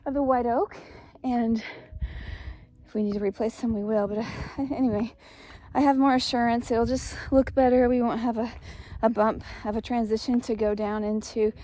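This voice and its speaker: Chatty woman, mellow voice. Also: fairly high pitch, little pitch movement, moderate pace, no room sound. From East Tennessee. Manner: chatty, rambling, upbeat. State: out of breath. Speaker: homestead vlogger. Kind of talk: casual vlog talk. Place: outdoors on a hillside homestead.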